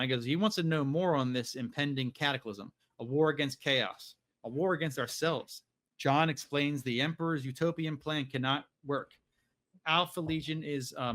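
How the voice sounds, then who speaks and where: A man's voice: a little high, a bit bright. A man hosting a podcast, casually recapping a novel in a rambling way, with lots of fillers and some swearing. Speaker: podcast host.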